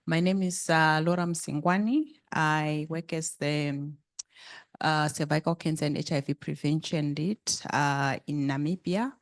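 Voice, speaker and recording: A woman from Zimbabwe introduces herself to a course group, pausing often on fillers. Her voice is low. The sound is dry and close. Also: steady tone, no echo. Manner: halting, with fillers. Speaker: health program lead.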